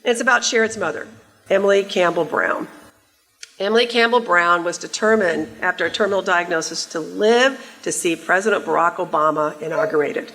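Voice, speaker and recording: A woman's voice: lowish voice, fairly quick, a bit bright. A woman in her sixties giving a conference keynote in a large hall, a wry, conversational storyteller who teases the audience. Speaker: keynote speaker.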